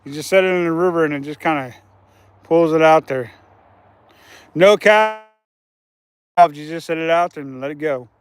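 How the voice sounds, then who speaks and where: A man's voice: fairly high pitch, moderate pace, pauses often, smooth. A man hosting a casual fishing livestream from outdoors by a river, chatting with viewers and laughing often.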